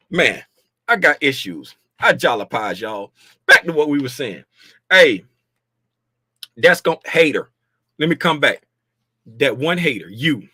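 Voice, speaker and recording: A man hosting a casual livestream about market futures, talking loudly and playfully, joking with viewers and slipping into sing-song bits, with a desk mic about a foot away. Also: mid-range voice, big pitch swings, a little slow, long pauses, slightly rough, dry recording, clean studio sound. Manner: playful, chatty, jokes with viewers. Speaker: host reviewing market futures.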